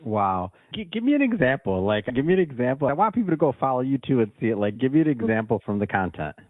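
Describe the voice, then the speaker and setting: A man's voice: mid-range voice, big pitch swings, fast talker, no echo. A man hosting an interview, asking encouraging questions and rephrasing them as he goes. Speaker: podcast host, interviewer. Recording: dry, narrow phone-like call audio.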